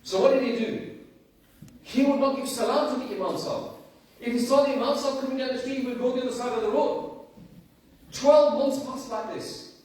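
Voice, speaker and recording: A man with a very high voice tells a moral story as a sermon, asking question after question and repeating key lines. He is heard from a distance in a strongly echoing room. A faint noise runs underneath. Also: brisk, pauses often, a little mellow. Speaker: preacher.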